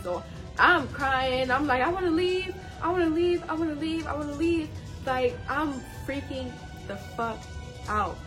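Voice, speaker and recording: A young woman telling a casual storytime, slangy and talking straight to viewers. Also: fairly high pitch. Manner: slangy, addresses viewers directly.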